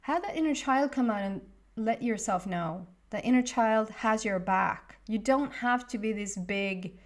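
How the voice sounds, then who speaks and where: A woman in her thirties talks through a tarot reading in a loose, rambling way. Her voice sits a little high, and she gets emotional and laughs often as she goes. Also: measured pace. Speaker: tarot reader. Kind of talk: casual tarot reading monologue.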